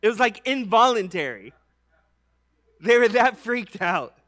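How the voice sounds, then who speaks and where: Male preacher, high bright voice, laid-back slangy delivery with lively storytelling. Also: unhurried. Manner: slangy and conversational, many "like"s; animated storytelling with acted-out voices. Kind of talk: casual sermon.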